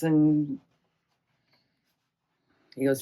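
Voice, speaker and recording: Middle-aged woman interviewee, low-ish voice, animated anecdotes with quoted voices, library oral history. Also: normal speed. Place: public library.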